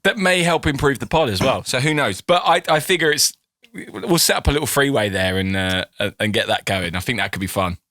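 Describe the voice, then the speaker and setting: A man's voice: mid-range voice, expressive, fairly quick, a bit bright, dry recording, studio quality. A man co-hosting a podcast, chatting casually, laughing often and restarting his sentences. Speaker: podcast co-host.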